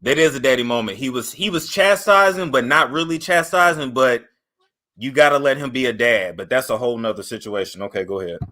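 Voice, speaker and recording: A man co-hosting a casual interview, chiming in with quick reactions. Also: medium pitch, sharp tone. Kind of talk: casual chat.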